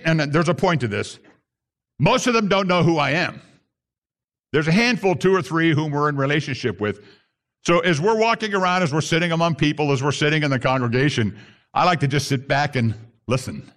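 High-pitched guy preaching a sermon, gets emphatic on the big points. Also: big pitch swings, moderate pace, fairly bright tone. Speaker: pastor.

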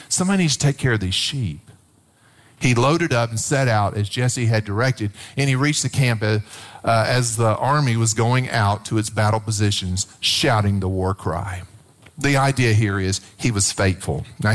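Middle-aged pastor, sermon, animated storyteller with a very lively pitch. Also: male voice. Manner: animated storytelling, acts out quotes.

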